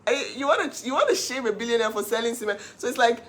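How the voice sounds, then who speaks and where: A woman who sells cookware, talking casually on a livestream in an animated, emphatic way and laughing often. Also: a little high, fast talker. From Nigeria. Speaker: cookware seller hosting a livestream.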